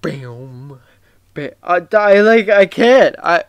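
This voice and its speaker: A tired man giving casual, rambling gameplay commentary, excitable and swearing often. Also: high-pitched, slow pace, soft background music. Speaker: gaming YouTuber.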